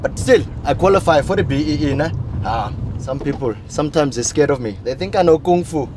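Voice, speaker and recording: A man talks boisterously outdoors on a city street, with traffic noise clearly audible behind him. His high voice jumps all over the place, and he chats in slang and hollers at people walking past. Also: expressive, a little fast. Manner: boisterous, calls out to passers-by, slangy. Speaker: street interviewee. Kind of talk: comic street interview.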